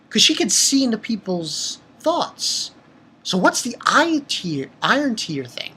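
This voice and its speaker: Husky-voiced man rambling through a recap. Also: high-pitched, slow pace. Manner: rambling, excitable, many fillers and restarts. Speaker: manga review channel host. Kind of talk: casual chapter recap.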